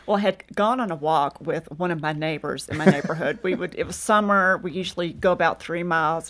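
A middle-aged woman with a Southern US accent, a guest author telling a story in an interview, lively and laughing often as she acts out the voices in it. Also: on the low side. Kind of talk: animated storytelling in a radio interview.

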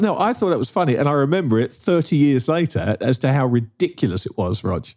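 Telling a story on a podcast he co-hosts, this middle-aged man keeps asking "right?" as the casual conversation rolls along. He speaks fast and expressively with few pauses, in a medium-pitched voice with a darkish tone.

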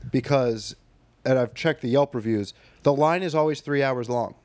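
A man's voice: medium pitch, normal speed. Brief: casual male podcast co-host, easygoing storyteller, swears freely. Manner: laid-back, swears a lot, animated when telling stories.

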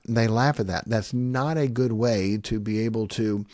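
A middle-aged man gives parenting advice in an animated, conversational way. He slips into quick voices of parents and children and laughs between points. His voice is recorded close and dry, with no room sound. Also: medium pitch, dry recording. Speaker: parenting teacher. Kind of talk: conversational teaching talk.

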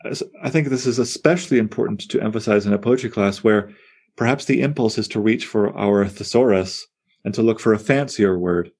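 Low-voiced man leading a poetry class. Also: fairly quick, breathy edge. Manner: animated, digressive, self-interrupting. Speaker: poetry teacher. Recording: on air class broadcast.

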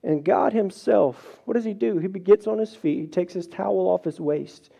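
High-voiced animated male pastor. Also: normal speed, vocal fry, husky. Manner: animated storytelling, acts out quoted voices, varied pace. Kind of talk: sermon.

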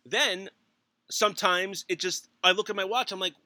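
A middle-aged man telling stories in casual chat as a podcast co-host, animated, laughing often and swearing. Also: high-pitched, moderate pace, dry recording.

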